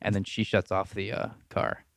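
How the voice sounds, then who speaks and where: A man's voice: deep voice, little pitch movement, normal speed, gravelly, dry recording, studio quality. A young man co-hosting a podcast in easygoing casual chat, often trailing off and mumbling. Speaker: podcast co-host.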